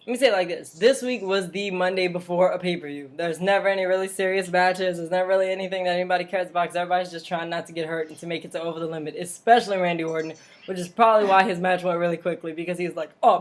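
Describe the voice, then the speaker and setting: A woman's voice: on the low side, fairly even intonation, racing. A woman hosting a casual home vlog, chatty and rambling, with frequent laughs and mocking asides. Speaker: vlog host. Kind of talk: casual wrestling recap vlog.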